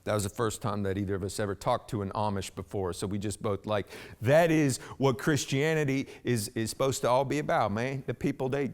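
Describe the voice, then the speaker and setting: A man's voice: mid-range voice, fairly even intonation, a little fast, hardly any pauses, close to an everyday voice. A man acting a one-man stage monologue as a rambling blue-collar husband talking to a police officer, saying "man" constantly and restarting his sentences. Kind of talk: theatrical monologue.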